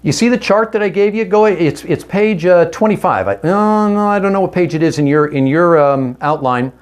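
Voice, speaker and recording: At normal speed and in an animated, high-sitting voice, a man talks directly and earnestly to other men at a marriage seminar. He leans on rhetorical questions and often corrects himself in the middle of a sentence.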